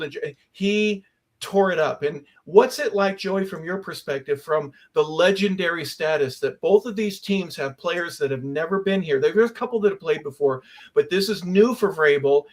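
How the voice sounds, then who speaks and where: Man, fairly high voice, sports radio host, animated storyteller. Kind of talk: casual sports talk storytelling. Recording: online radio show remote mic.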